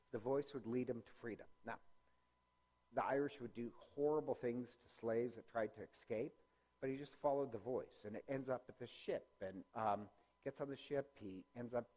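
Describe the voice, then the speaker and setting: A man's voice: medium pitch, dark tone. Man, church class teacher, casual lecture, fillers, self-corrections, joking asides. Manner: rambling, many ums and self-corrections; conversational with jokes. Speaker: parish religious-education teacher. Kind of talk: informal lecture with slides.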